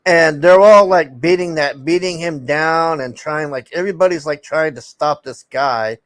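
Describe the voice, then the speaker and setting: A man with a somewhat high voice talks loosely through a show recap, full of "like" and restarts. He curses freely and wanders mid-sentence. The sound is close and dry, with no room around it. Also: moderate pace, no echo. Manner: rambling, profane, full of fillers and restarts. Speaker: TV show reviewer.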